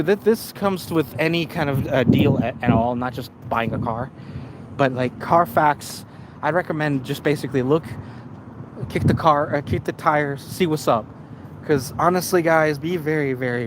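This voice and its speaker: A man's voice: medium pitch, background noise. A man live streaming, telling a story to his chat in a rambling way full of restarts and repeats.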